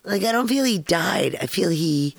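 A middle-aged woman with a low, gravelly voice tells a personal story in a loose, rambling way. She is frank and swears casually. The recording is dry and close. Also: animated, moderate pace, no echo. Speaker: podcast host.

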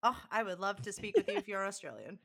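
A woman's voice: medium pitch, big pitch swings, fast, fairly bright tone. A woman co-hosting a podcast, chatting and explaining things with frequent laughs. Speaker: podcast co-host. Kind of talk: casual chat.

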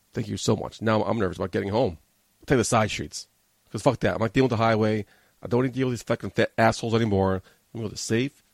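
This is a casual storytelling rant from a podcast host: a man whose low, rough voice hurries through agitated, foul-mouthed rambling. The studio sound is close and dry, free of any reverb.

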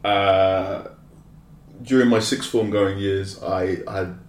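A man's voice: sits low, fairly even intonation, takes it slowly. A man chatting casually as a podcast co-host, rambling and self-mocking. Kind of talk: casual chat. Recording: roomy echo.

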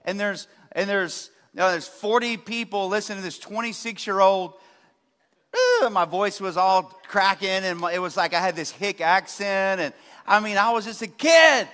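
High-voiced impassioned pastor. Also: male voice, normal speed. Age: 40s. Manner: impassioned preaching, rising to loud emphasis then dropping low. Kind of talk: sermon. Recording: long hall reverb.

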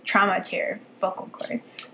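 A woman co-hosting a podcast, chatting casually and teasing the others with quick interjections. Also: reverberant, background noise. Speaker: podcast co-host. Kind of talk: casual chat.

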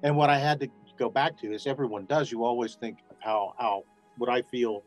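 This interview guest, a voice actor, talks at a fairly quick clip in a mid-range voice over faint background music. He's a lively storyteller who relaxes into his tales and dramatizes other people's lines.

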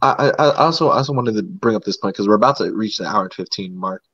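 A man's voice: lowish voice, quick pace, fairly bright tone, husky, no room sound, lo-fi sound. A man hosting a casual podcast chat, rambling and repeating his words as he talks. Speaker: podcast host.

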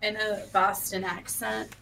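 Bright, chatty woman streamer. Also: medium pitch, level tone, slow, creaky, rough recording. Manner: chatty, eggs the others on. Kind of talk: casual group chat on stream.

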